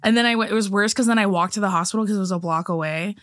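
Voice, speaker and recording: A woman's voice: mid-range voice, no echo, clean studio sound. A young woman telling embarrassing stories on a podcast, laughing and acting out what people said. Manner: rapid, laughing anecdotes with acted-out quotes. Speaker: podcast guest co-host. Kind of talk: casual storytelling chat.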